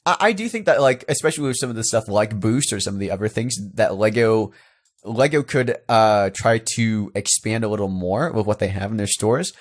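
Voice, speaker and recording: A man's voice: fairly low pitch, fairly quick. A man hosting a podcast who eagerly steers the group through the news. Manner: excited, steers the topics. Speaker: podcast host. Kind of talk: casual chat.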